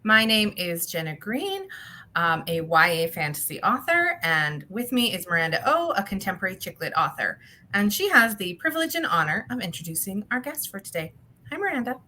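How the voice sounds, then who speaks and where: A woman's voice: mid-range voice, very animated, fairly quick, sharp tone, slight background noise. A woman hosting a podcast, talking conversationally with fillers. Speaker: podcast host. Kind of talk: podcast interview.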